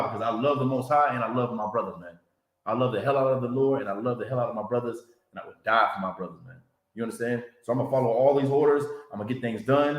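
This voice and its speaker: Man, Bible class teacher, preaching style, repetitive call-outs, mid pitch, roomy echo. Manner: repetitive, checks in with "you understand?" and "man".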